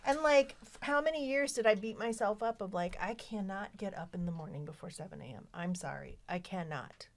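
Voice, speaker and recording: A woman hosting a casual book club chat on a podcast, talking in an animated way. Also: mid-range voice, a little fast, few pauses. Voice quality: animated, mimics voices when quoting others. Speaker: podcast host.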